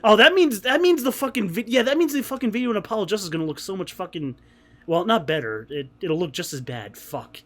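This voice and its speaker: A man giving casual gameplay commentary as a streamer, excitable and swearing a lot, over game music. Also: high-pitched, quick pace.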